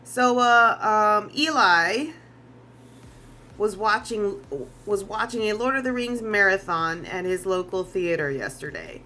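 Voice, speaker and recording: A woman's voice: mid-range voice, expressive, measured pace, sharp tone, a little hiss or hum. A woman artist chatting casually on a live stream as she draws, rambling, restarting sentences and swearing freely. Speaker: artist streaming while drawing.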